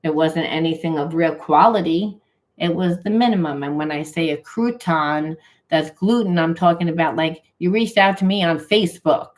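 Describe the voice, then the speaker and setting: A woman's voice: low voice, normal speed. A woman doing a spiritual card reading, talking emphatically and acting out imagined dialogue between partners. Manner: repeats phrases for emphasis, loose run-on talk. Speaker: tarot reader.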